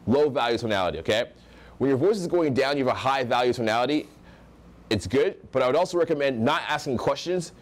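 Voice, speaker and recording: An energetic young American man runs a live social skills seminar, projecting his medium-pitched, mid-range voice across the room. He makes his points by acting out how other people sound.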